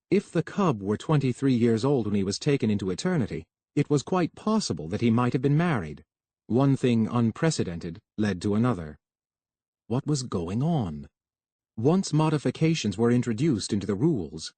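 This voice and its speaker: A man reading a novel aloud in measured, scripted narration. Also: mid-range voice, warm tone, no room sound. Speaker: audiobook narrator.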